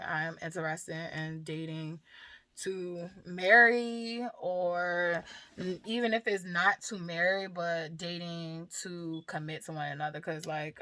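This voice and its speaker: A woman's voice: fairly low pitch, fairly bright tone, no room sound. Candid, swearing woman talking about grief. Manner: candid, swears freely, laughs through hard topics. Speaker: mother and vlogger. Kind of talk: casual personal talk about grief.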